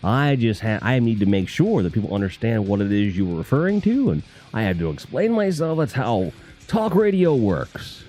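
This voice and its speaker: Low mellow-voiced guy rambling through chat on a live stream, swears a lot, jokey, swings his pitch all over, faint guitar music behind. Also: very animated, normal speed. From Northeast US. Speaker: live stream host reading chat comments.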